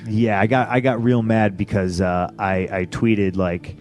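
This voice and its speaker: A pro wrestler in his thirties, appearing as a podcast guest, tells stories in a casual interview in a lowish voice at a measured pace. He's blunt and swears constantly, getting animated when quoting others.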